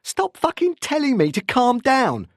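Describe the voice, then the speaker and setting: A man voicing a frightened young man who shouts desperately down the phone in an audiobook. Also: high-pitched, measured pace, husky, no echo, studio quality, pitched above the performer's own voice. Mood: panicked.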